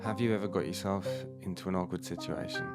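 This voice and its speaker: A man's voice: deep voice, fairly even intonation, quick pace. A man hosting a story podcast, giving an upbeat, welcoming scripted introduction. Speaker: podcast host. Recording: loud music bed under voice.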